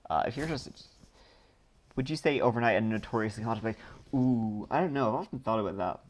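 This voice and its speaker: Low-voiced Dublin man chatting on stream. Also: animated, fast. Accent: Dublin Irish. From Ireland. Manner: rambling, reads questions aloud then answers with many ums. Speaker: streamer answering viewer questions. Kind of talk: casual live-stream chat.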